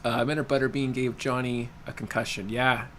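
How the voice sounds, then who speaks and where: A man's voice: medium pitch, flat delivery, fairly quick, a bit bright, a little hiss or hum. Rambling young guy streaming casually. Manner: rambling, laughs often, many fillers and restarts. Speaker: livestream host. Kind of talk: casual chat while reading viewer comments.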